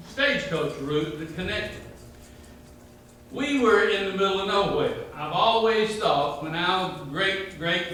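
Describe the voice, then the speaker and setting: Southern georgia guy spinning funny family stories, high bright voice, real echoey room, mic kinda far off. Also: a little hiss or hum. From north Georgia, USA. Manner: humorous, rambling family storytelling. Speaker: local history speaker. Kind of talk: folksy talk to a local history group. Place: meeting room.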